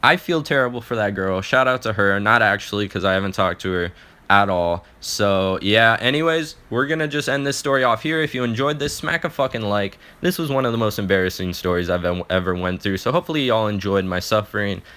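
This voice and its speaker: A man's voice: lowish voice, lively intonation, brisk, bright, forceful tone. A young man telling an embarrassing personal story in a casual, profane vlog, often restarting his sentences.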